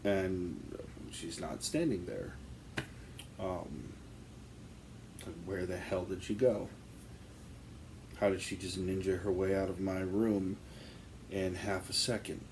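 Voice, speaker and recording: A man's voice: sits low, steady tone, takes it slowly, long pauses, background noise. A man telling a ghost story from his own life in a casual, rambling way, full of ums and restarts. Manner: rambling, filler-heavy, conversational.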